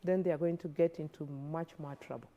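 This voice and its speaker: A woman speaks as a guest expert in a television studio interview. Her voice sits a little low and sounds mellow and warm. She explains in an earnest, advisory way and often repeats words as she goes. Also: steady tone, fast, lo-fi sound. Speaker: guest expert on parenting and substance use.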